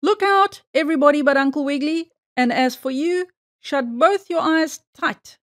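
An excitable circus poodle barks out urgent orders in a high, ringing voice, put on by a woman reading a storybook. He sounds loud and eager, pushing every word forward. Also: moderate pace, natural voice.

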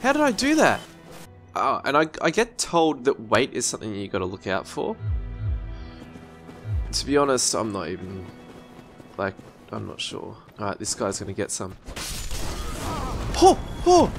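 A man giving excitable gameplay commentary, yelping and swearing as he plays. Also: on the low side, normal speed, long pauses, soft background music. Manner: excitable, yelps and swears at the game. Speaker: let's-play gamer.

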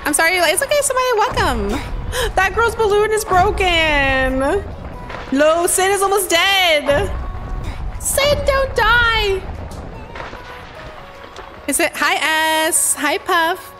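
A woman hosting a live gaming stream, bubbly, greeting and thanking her chat nonstop with excited gasps. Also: very high-pitched, measured pace, music in the background. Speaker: live-stream gamer host.

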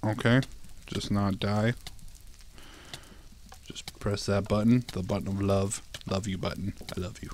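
A man's voice: lowish voice, fairly even intonation, unhurried, long pauses, a little mellow, slight background noise. A young man commenting on his own gameplay, laughing often, swearing and pleading with the game. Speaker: gaming YouTuber. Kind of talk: let's play commentary.

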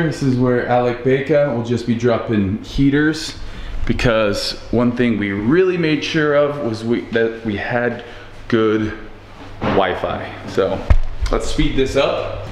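Laid-back man vlogging. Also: medium pitch. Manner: laid-back, slangy, rambling. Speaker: fitness vlogger. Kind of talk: casual vlog tour. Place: house tour, indoors and out. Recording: echoey room, faint background noise.

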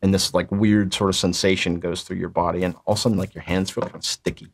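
Low-voiced man running a tabletop game. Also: little pitch movement, slight background noise. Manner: halting, repeats words while narrating. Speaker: dungeon master.

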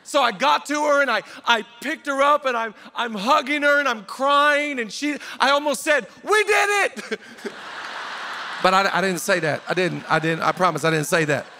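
A male pastor preaching a conference sermon, telling a personal story and breaking into shouted exhortations. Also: extremely high pitch, steady tone, brisk, vocal fry, few pauses.

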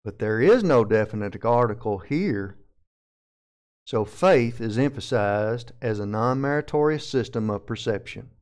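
A man's voice: fairly low pitch, a little mellow. A man with a Southern American accent, teaching a sermon verse by verse and methodically explaining Greek grammar term by term. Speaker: pastor.

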